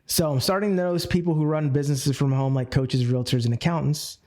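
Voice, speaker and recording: Energetic man coaching with a playful voice. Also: a little high, quick pace. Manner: energetic, plays with speed and tone, acts out calls. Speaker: network marketing coach. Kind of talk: live group coaching Q&A.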